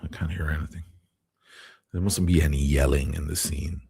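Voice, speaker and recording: A man hosting a casual live stream, talking in a very low, gravelly voice and reading out viewer comments as he chats. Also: steady tone, normal speed, warm tone. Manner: chatty, reads viewer comments aloud.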